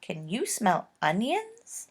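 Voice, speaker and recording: A woman voicing a slow, dozy old man covered in pans in a children's storybook reading. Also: mid-range voice, wildly swooping pitch, slightly rough, full character voice. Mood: puzzled. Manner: slow and drawling.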